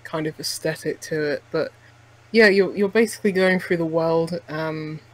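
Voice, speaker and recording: A man talks casually on a podcast about a game he played. His voice sits fairly high for a man. He rambles, restarts his sentences and leans on fillers. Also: fairly even intonation, moderate pace, fairly bright tone, rough recording. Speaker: podcast co-host. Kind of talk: casual chat reviewing a game.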